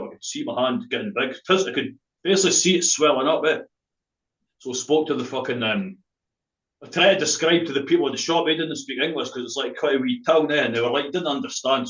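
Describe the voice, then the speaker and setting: A man's voice: medium pitch, fairly bright tone, echoey room, muffled recording. A Scottish man with a Dundee accent, a spoken word poet telling a rambling, laughing story full of swearing and local slang. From Scotland.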